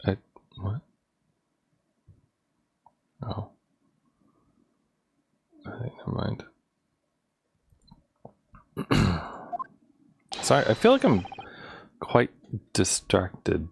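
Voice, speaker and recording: A man's voice: fairly low pitch, wildly swooping pitch, drawn-out words, creaky, pauses often, breathy edge. A man streaming a game, chatting in distracted asides between reading lines aloud. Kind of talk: casual live-stream chat while reading a game aloud.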